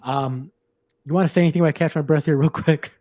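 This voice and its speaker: A man's voice: fairly high pitch, fairly even intonation, quick pace, dark tone, no room sound, clean studio sound. A man co-hosting a sports podcast in casual chat, rambling and blunt, with lots of restarts. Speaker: podcast co-host.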